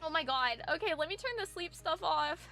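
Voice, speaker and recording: A young adult woman live-streaming, chatting casually and gushing excitedly at her viewers, breaking into squeals. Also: very high-pitched, a little fast, soft background music.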